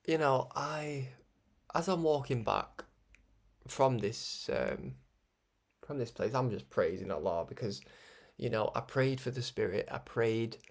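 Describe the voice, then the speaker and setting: A young man hosting a religious broadcast, talking in a rambling, animated way with frequent laughs. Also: medium pitch, gravelly. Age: young adult. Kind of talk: casual spoken monologue.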